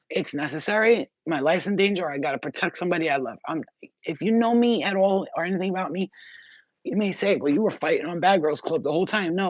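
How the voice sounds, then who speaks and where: A woman's voice: fairly low pitch, no room sound. A woman spiritual reader talking in a casual, emphatic, rambling monologue. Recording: dull, slightly muffled sound.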